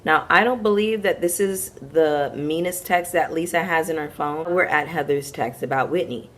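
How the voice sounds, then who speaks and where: Low-voiced sassy woman recapping reality TV. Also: moderate pace, hardly any pauses. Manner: frank and sassy, slangy asides to viewers. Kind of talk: casual commentary recap.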